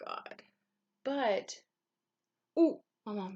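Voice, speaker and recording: A woman speaks straight to camera in an open, meandering confessional vlog. Her pitch sits at an ordinary middle height for a woman. She wanders between thoughts with plenty of ums and drops in the odd casual curse. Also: a little slow, a little hiss or hum. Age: adult mother of young children. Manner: candid, rambling, with frequent ums and casual swearing. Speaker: vlogger.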